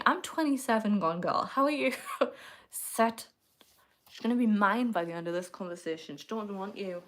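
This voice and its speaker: A young woman, streaming live and reading out her viewers' comments. Her pitch swings freely as she teases the chat and breaks into laughs. Casual, chatty and playful throughout. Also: lively intonation, fairly quick, a bit bright. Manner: playful, teasing, laughs often. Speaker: livestreamer.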